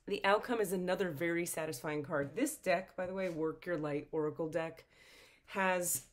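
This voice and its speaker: Woman, lowish pitch, breathy morning voice, chatty tarot reading, spiritual teacher. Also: normal speed. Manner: chatty and animated, with many fillers. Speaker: spiritual teacher and energy healer. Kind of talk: casual tarot card reading to camera.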